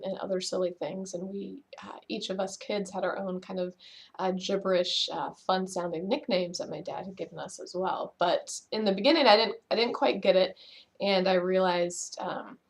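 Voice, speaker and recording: A middle-aged woman chats her way through a laughter yoga lesson at home, playful and loose, with plenty of fillers and laughs. Her voice sits at an ordinary middle pitch and is recorded close on a home camera. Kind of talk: casual instructional video. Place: at home, just woken up.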